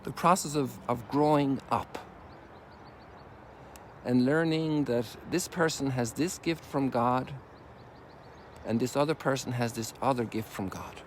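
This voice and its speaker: An older Irish priest talks outdoors at a middle pitch, in a loose, rambling, homely way. His informal sermon drifts through folksy asides as he walks, caught on a phone with faint outdoor sound behind. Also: measured pace, pauses often, a little hiss or hum. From Ireland. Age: 60s. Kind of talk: informal reflective sermon while walking. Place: outdoors on a sunrise walk.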